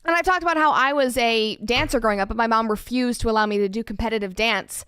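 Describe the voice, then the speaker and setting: A woman argues her case in a commentary video, earnest and emphatic. Her voice sits high and sounds smooth and clear. The recording is dry, close and without room echo. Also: fast talker. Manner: earnest, emphatic, steady argument. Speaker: political commentator.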